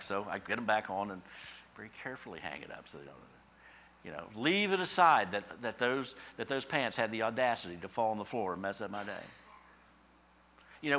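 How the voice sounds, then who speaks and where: A middle-aged man preaching a sermon in a conversational, storytelling way, acting out quoted thoughts in a higher voice. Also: sharp tone. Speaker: pastor.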